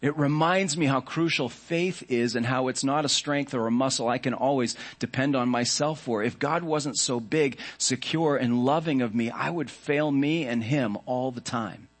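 A man preaching a sermon as a pastor, earnest and reflective, with measured phrasing. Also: medium pitch.

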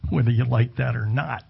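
A man's voice: mid-range voice, vocal fry, slightly rough, highs cut off. A middle-aged man preaching a sermon in a conversational way, with asides and self-corrections. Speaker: pastor. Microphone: camera video with slides behind him.

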